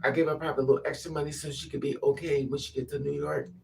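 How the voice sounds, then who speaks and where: A woman's voice: low-pitched, very fast, vocal fry. A woman telling a personal story in a casual monologue, animatedly acting out what others said. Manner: animated, acts out quotes. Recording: distant mic with faint noise.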